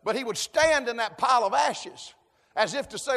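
High-pitched preacher in a reverberant hall. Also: male voice, moderate pace, vocal fry. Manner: folksy, call-and-response, rising to shouts. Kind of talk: sermon.

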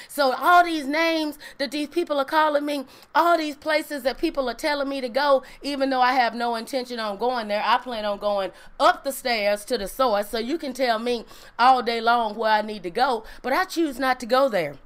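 A woman's voice: high voice, normal speed, a bit bright. A woman preaching a Bible lesson in a conversational way, asking questions and answering them herself, often adding "right?". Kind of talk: sermon, Bible teaching.

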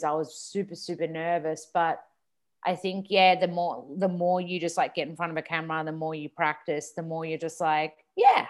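This is an Australian woman in her thirties, talking casually as an interview guest. Her voice sits a little low for a woman. She rambles in an animated way, full of fillers. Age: 30s. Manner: chatty and animated, lots of "like" fillers. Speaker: guest, TV presenter and yoga teacher.

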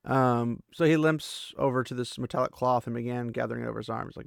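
Chatty man with a gravelly voice. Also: medium pitch, a little fast, no room sound, clean studio sound. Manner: chatty, loose, full of "like" asides. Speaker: podcast host. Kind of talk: casual book chapter recap.

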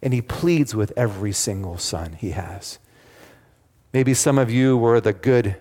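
A man with a lowish, dark-toned voice preaches a sermon at a measured pace, speaking expressively. He engages the congregation with questions and emphatic retellings, and the recording carries a long hall reverb.

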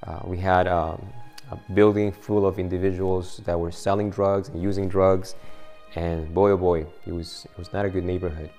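A deep-voiced middle-aged man preaches in a relaxed storytelling way. He often restarts his phrases as he talks to the congregation. Faint music plays softly behind him. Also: normal speed. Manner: conversational storytelling, many restarts. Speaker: pastor. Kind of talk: sermon with personal story.

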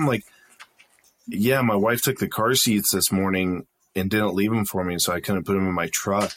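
A man telling a work story in a casual podcast chat, lively and profane, acting out the dialogue. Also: lowish voice, normal speed, slight background noise.

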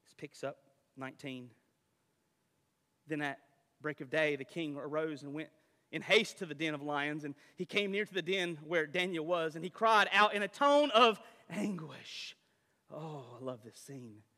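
Dramatic high-voiced man preaching. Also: measured pace. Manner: dramatic, swings from booming to hushed. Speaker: pastor. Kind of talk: sermon. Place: church sanctuary. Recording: reverberant church hall.

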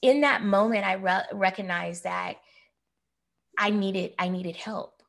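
A woman's voice: mid-range voice, takes it slowly, creaky, rough recording. A woman in her forties telling a personal story in a candid, reflective way, as co-host of a casual talk. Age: 40s.

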